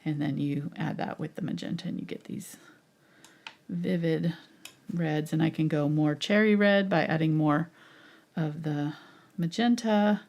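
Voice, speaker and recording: A woman's voice: low voice, steady tone, unhurried, creaky, darkish tone, dull audio. A woman teaching a live painting tutorial, chatty and explaining each step as she mixes her colours, laughing easily. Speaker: painting instructor.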